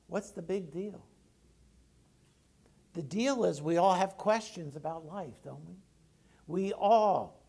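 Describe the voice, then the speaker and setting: A man's voice: high voice, gravelly, a little mellow, breathy edge. A male pastor giving a conversational sermon, often putting questions to the congregation.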